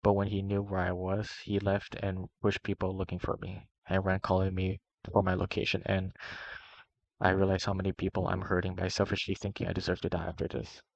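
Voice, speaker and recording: A man reading a long first-person document aloud in a steady, even way. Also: low voice, a little fast, gravelly, no room sound. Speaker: reader. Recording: dry, muffled lo-fi voice recording.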